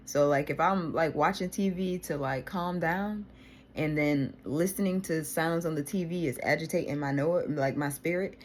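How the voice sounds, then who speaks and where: A woman's voice: sits low, a little hiss or hum. A woman vlogger venting to her viewers in a casual diary style, exasperated and swearing freely.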